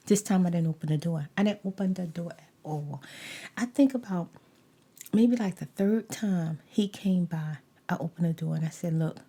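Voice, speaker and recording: A middle-aged woman telling a story in soft-spoken ASMR style, animated, slipping into whispered asides. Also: on the low side, breathy edge. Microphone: desk USB microphone.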